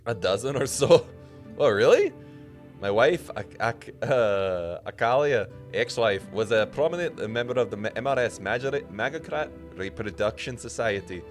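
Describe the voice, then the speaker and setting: A man's voice: sits low, lively intonation, fast talker. A man voicing an ancient, chatty, boastful male skull mage who rambles gleefully and tries an accent. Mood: rambling. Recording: music playing underneath.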